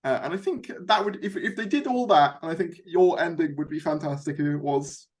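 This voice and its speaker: Young male host, slightly high voice, loose rambling chat. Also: a little fast. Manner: chatty, rambling with fillers. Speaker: YouTube host. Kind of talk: casual fan discussion.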